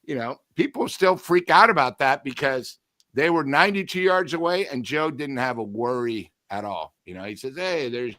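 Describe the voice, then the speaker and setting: A man co-hosting a sports talk show, telling relaxed, rambling anecdotes. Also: mid-range voice, normal speed, no echo. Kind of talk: casual sports chat.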